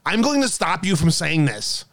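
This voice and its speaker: A man's voice: big pitch swings, moderate pace, a bit bright. A man putting on a mocking impression of a dismissive critic who scolds people for talking, sarcastic and whiny. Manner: sarcastic, scolding, higher-pitched.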